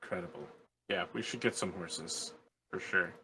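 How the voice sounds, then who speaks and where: A man's voice: low voice, normal speed, pushed and bright, slight background noise, rough recording. A man playing in a tabletop game, making dry jokes. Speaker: player.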